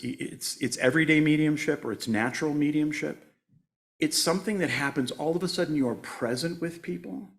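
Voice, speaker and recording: A man in his sixties giving a conversational sermon as a guest speaker at a church, joking at his own expense and laughing often. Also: on the high side. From United States. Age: 60s. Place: church sanctuary.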